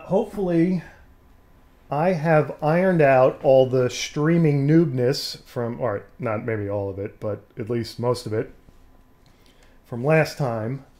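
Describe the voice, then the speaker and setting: A man's voice: mid-range voice, dark tone. A man hosting his own live stream from home, rambling casually with lots of fillers, his voice a bit scratchy and nasal from allergies. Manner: rambling, self-deprecating, many fillers. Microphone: desk mic.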